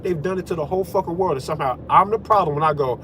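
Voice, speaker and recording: A man's voice: on the high side, racing, noisy background. Heated, profane man ranting. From United States. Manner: heated, confrontational, heavy swearing. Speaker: channel host. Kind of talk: profane political rant to camera.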